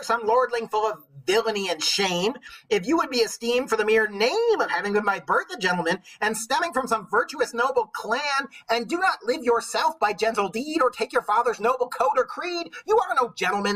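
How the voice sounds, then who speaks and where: A man's voice: very high-pitched, sharp tone, voice pushed up, full character voice, low-quality recording. A man voicing a shrewd old woman who lectures her knight husband, in a witchy voice, as a dramatic verse read-aloud. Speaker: teacher.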